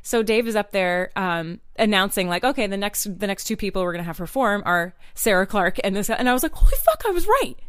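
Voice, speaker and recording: A woman's voice: medium pitch, brisk, hardly any pauses, fairly bright tone, smooth, no echo, studio quality. A woman from Maine, co-hosting a podcast and telling a story in casual chat, acting out the dialogue. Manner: chatty, acts out quoted dialogue. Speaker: podcast co-host.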